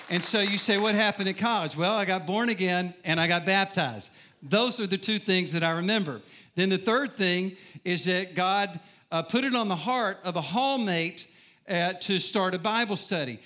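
Middle-aged preacher guy, pretty high voice, joking his way through his testimony. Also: sharp tone. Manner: humorous storytelling, asks the crowd. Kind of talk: sermon testimony.

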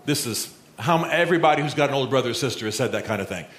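A male pastor preaching a sermon, telling a Bible story and acting out the quotes with lively, conversational energy. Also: mid-range voice, racing. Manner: storytelling, animated, acts out quotes. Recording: roomy echo.

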